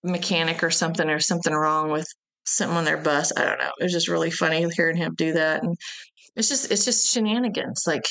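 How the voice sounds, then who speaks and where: A woman's voice: low voice, steady tone, fast, vocal fry, fairly bright tone. A woman, a festival's event director, chatting as an interview guest and telling rambling, laughing anecdotes. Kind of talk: casual interview chat.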